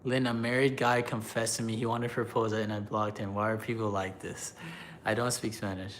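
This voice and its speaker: A man's voice: on the low side, flat delivery, a little hiss or hum. A man casually chatting on a live stream, reading chat aloud, loose and joking, laughing often. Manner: halting when he switches languages.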